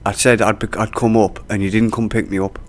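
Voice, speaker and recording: A man's voice: lowish voice, level tone, a little fast. A young man, co-hosting a casual podcast with his dad, teasing and blunt. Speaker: co-host, host's son. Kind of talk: casual chat.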